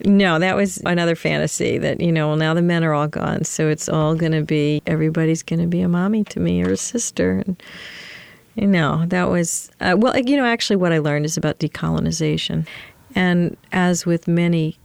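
A woman's voice: on the low side, fairly even intonation, normal speed, creaky, dry recording. A woman playwright and solo performer in an interview, telling candid stories and laughing often. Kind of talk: interview conversation, storytelling.

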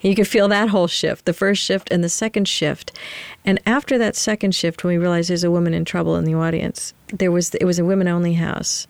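A woman's voice: fairly low pitch, flat delivery, a little fast, gravelly, a little mellow, no echo. A woman playwright and solo performer in an interview, telling candid stories and laughing often. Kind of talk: interview conversation, storytelling.

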